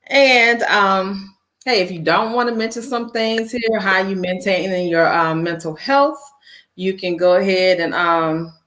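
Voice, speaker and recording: A woman from New Orleans co-hosting a casual call-in talk show, lively and playful, stretching her words. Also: medium pitch. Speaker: co-host.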